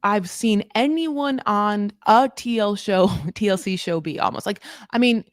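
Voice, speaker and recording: A woman hosting a casual recap chat, animated and mimicking the people she quotes. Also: medium pitch, measured pace, no room sound, clean studio sound. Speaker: host.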